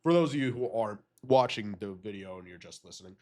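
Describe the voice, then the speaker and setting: A man with a cold, reacting to simulated game results in an excitable, disbelieving way and swearing often. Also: fairly low pitch, fast talker. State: has a cold. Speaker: gaming video creator.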